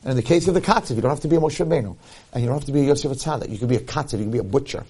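Speaking in a husky, medium-pitched voice, this rabbi delivers rapid-fire speech. He's telling a story in a Torah lecture, bringing its people to life with animated impressions and hammering home his main points through repetition.

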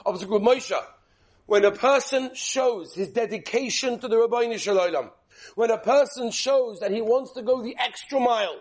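High-voiced husky rabbi preaching animatedly. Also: male voice, moderate pace. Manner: animated, peppers English with Yiddish and Hebrew terms, quizzes listeners. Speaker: rabbi teaching a Torah class. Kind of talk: animated Torah sermon with storytelling.

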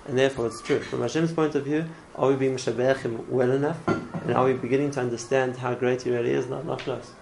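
A man's voice: mid-range voice, fairly even intonation, fast, gravelly, hardly any pauses, background noise. A man teaching a religious class in an earnest way, often repeating words and restarting his phrases. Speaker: Torah teacher.

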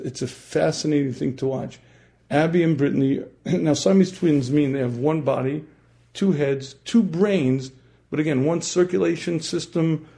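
A man teaching a religious class who often clears his throat and asks his listeners questions. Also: fairly high pitch, warm tone.

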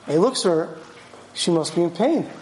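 A man's voice: sits high, fairly quick, echoey room, slight background noise, low-quality recording. A man who sounds like a rabbi, giving a sermon and telling stories with animation. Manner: animated storyteller acting out voices. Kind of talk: sermon with storytelling.

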